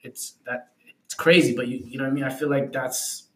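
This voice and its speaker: A man's voice: medium pitch, a little fast. Man, podcast co-host, casual, filler-heavy storytelling, roomy echo. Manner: relaxed storytelling, many fillers. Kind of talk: casual chat.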